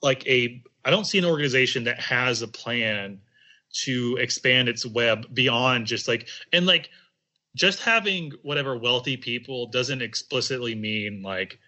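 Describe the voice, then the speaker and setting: A man's voice: mid-range voice, unhurried, pushed and bright. A man in casual political chat on a podcast, rambling with many fillers and swearing. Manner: rambling, heavy on filler "like", profane.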